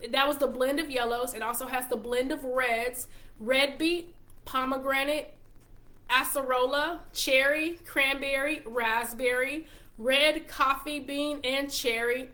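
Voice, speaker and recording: A woman's voice: high voice, bright, forceful tone. A woman with a Texas accent hosting her own show, talking casually to viewers about a product and reading off long ingredient lists in an upbeat, chatty way. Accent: Texan. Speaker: show host and wellness consultant.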